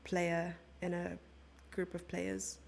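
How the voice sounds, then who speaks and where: A woman's voice: fairly low pitch, completely flat delivery, takes it slowly, creaky, slight background noise. A young woman commenting on chess live and chatting playfully with her viewers. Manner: chatty, playful, reads out and answers chat.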